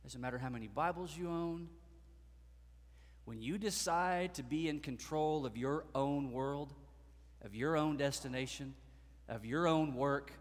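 A man preaching a sermon as pastor, swelling into dramatic, loud passages and acting out voices from the stories. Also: on the high side, unhurried, long reverb tail.

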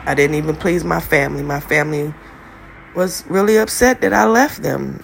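A woman's voice: moderate pace, gravelly, breathy edge. A woman giving an impassioned, preacherly testimony, blunt and profane, telling her story to listeners. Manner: preacherly, profane, builds to high shouted pitch when retelling.

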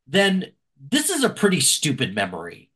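A man's voice: fairly high pitch, huge pitch swings, moderate pace, fairly bright tone, slightly rough. A man co-hosting a podcast, giving wry, sarcastic remarks in casual chat. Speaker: podcast co-host.

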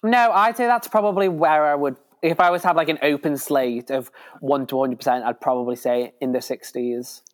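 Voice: medium pitch, fairly quick, hardly any pauses. A young podcast co-host from the UK bantering bluntly and sassily in casual chat. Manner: blunt, sassy, dismissive banter.

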